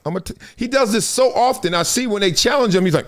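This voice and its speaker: A man with an extremely high, brisk voice hosts a live sports talk show. He's animated, spinning stories in casual slang, laughing often and slipping into other people's voices.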